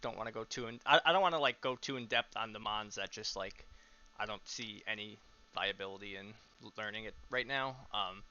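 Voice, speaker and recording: A man's voice: on the low side, bright, forceful tone, muffled recording. A young man casually coaching teammates over a voice call, explaining step by step with lots of um fillers.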